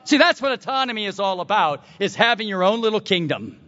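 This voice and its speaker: High-voiced, dramatic male preacher. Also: lively intonation, brisk. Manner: dramatic storytelling, swinging from shouts to hushed tones. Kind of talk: sermon. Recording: dull lo-fi recording.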